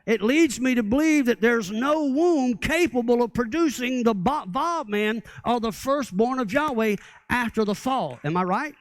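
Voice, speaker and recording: A man's voice: extremely high pitch, a little slow, dry recording. A man preaching a sermon as pastor, often asking the congregation rhetorical questions.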